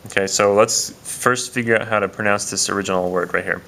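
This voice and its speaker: A man's voice: lowish voice, fairly even intonation, brisk, pushed and bright, a little hiss or hum. A man teaching a casual video lesson, explaining step by step with frequent "uh" and "um" fillers. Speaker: Spanish teacher.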